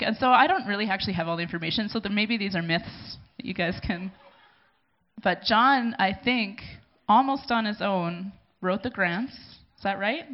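A woman from a church community, giving a halting, heartfelt thank-you speech at a gathering and pausing to gather herself. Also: medium pitch. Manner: emotional, halting, speaking with pauses to gather herself. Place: gathering in a room. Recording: dull lo-fi recording.

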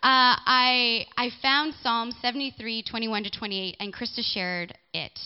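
Her voice sits on the high side, steady and clean, and a little slow, though the audio is dull. A young woman, she offers a candid personal testimony in a church hall with a live audience, chatting and making asides to listeners.

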